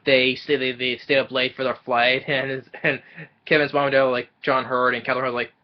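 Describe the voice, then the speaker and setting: A man casually recapping a film plot, rambling and halting, with many fillers and restarts. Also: medium pitch, little pitch movement, highs cut off, slight background noise. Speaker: movie reviewer.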